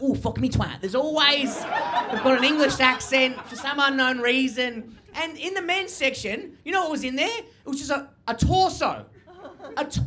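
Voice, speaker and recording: A young man does stand-up on a stage, talking fast and swearing as he acts out the people in his stories. His voice is bright and forceful, delivered into a handheld mic. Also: very high-pitched. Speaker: stand-up comedian. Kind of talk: stand-up comedy set. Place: comedy stage before a live audience.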